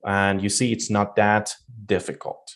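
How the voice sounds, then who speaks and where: A man's voice: on the low side, level tone, measured pace, a bit bright. A man teaching an English exam lesson online, explaining pronunciation with example phrases and frequent fillers. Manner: explanatory, demonstrates rising and falling intonation.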